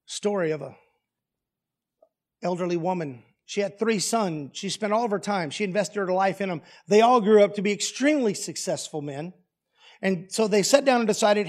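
High-voiced folksy preacher man. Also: animated, normal speed, a little mellow. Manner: folksy, plainspoken and humorous. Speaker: pastor. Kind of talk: storytelling sermon.

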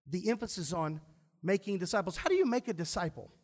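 A high-pitched man preaches to his congregation in a church. He speaks with emphasis and keeps posing questions to the room, then answers them himself. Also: animated, quick pace, a little mellow. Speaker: pastor. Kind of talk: sermon.

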